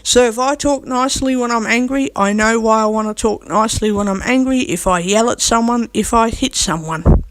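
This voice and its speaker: A woman's voice: on the high side, normal speed, few pauses, no echo. A woman vlogging to camera, talking bluntly and defiantly and hammering the same points again and again. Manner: defiant, emphatic, repeats her points; blunt, with coarse language. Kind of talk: unscripted talk to camera.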